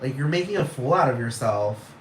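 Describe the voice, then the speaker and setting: A man's voice: mid-range voice, animated, a little fast, a little hiss or hum. A man giving a blunt, heated, profane rant as a vlogger, repeating his points. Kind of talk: profane ranting monologue. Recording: echoey room.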